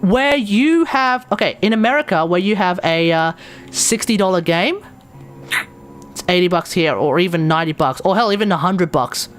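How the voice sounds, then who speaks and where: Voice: medium pitch, a little fast, faint music behind. An Australian live streamer in casual chat, rambling and exasperated, with mild swearing.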